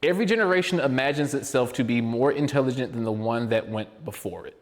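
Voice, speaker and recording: A man co-hosting a podcast in casual chat, rambling and excitable, prone to tangents. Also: mid-range voice, fast talker, in a large hall. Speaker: podcast co-host.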